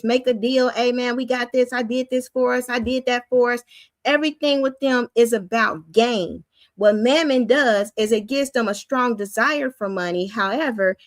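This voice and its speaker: A woman's voice: on the high side, no room sound. A woman giving an emphatic spiritual teaching, full of rhetorical questions and repetition. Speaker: preacher and teacher.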